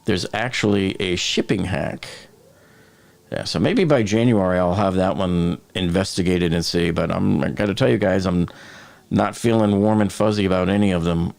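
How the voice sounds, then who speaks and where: A man's voice: low-pitched, moderate pace, creaky, darkish tone. A man from the Boston area hosting a live stream, chatting casually, joking and reading viewer comments aloud.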